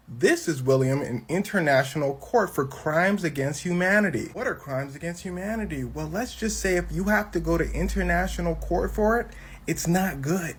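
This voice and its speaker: Male comic narrator, very animated pitch. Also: slight background noise. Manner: animated, switching voices for characters. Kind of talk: comedic storytelling commentary.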